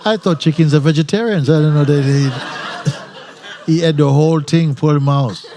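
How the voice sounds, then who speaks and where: A man's voice: fairly high pitch, normal speed, warm tone, a little hiss or hum. A man, a spiritual teacher, giving an informal talk at a retreat gathering. He tells stories with frequent laughter and restarts, in non-native phrasing. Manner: laughing often while telling a story. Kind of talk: informal satsang talk and storytelling.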